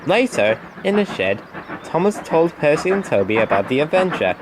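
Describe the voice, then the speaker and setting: A man reads a children's storybook aloud, his voice a touch higher than most and moving a great deal in pitch. The delivery is lively and expressive, suited to a young audience. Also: normal speed, heavy background noise.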